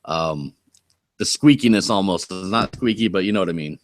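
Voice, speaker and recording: A man's voice: low voice, moderate pace. A man from Oregon hosting a casual live stream, chatty and rambling as he thinks aloud. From Oregon, USA. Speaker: host.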